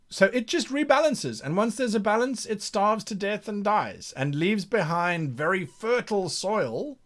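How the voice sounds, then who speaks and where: This game master's voice is fairly high as he plans a campaign live. He reads out comments from viewers and works through ideas aloud, often restarting and repeating.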